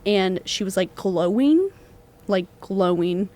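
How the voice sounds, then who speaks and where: A woman's voice: mid-range voice, takes it slowly. Chatty young woman telling ghost stories. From Texas. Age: young adult. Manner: animated storyteller, many fillers, acts out quoted voices. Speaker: student podcast co-host.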